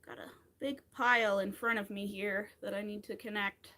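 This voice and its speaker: While crocheting on a live stream, a woman in her thirties chats brightly with viewers between stitches. She speaks at normal speed with a medium, fairly even pitch and a pushed, bright sound.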